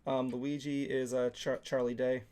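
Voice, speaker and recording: A man's voice: medium pitch, little pitch movement, measured pace, dark tone, smooth. A man co-hosting a casual podcast, talking offhand and thinking aloud as he goes. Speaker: podcast co-host. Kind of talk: casual chat.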